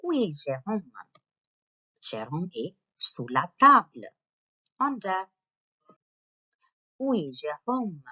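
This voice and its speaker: A woman with a low voice gives a recorded lesson to school pupils, saying each phrase slowly and then again. The sound is dull and lo-fi, as from a plain home recording. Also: sing-song, sharp tone. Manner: slow, repeats phrases for pupils to copy. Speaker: French teacher.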